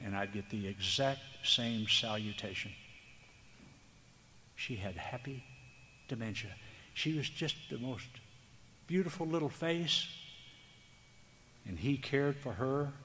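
Male preacher, mid-pitched; earnest, tender sermon delivery; reverberant sanctuary. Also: fairly bright tone. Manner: earnest, tender, slow, emphatic. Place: church hall. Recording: long hall reverb, faint background noise.

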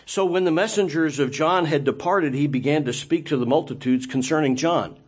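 A man's voice: on the high side, normal speed, breathy edge. A man preaching a sermon in a conversational style, full of rhetorical questions.

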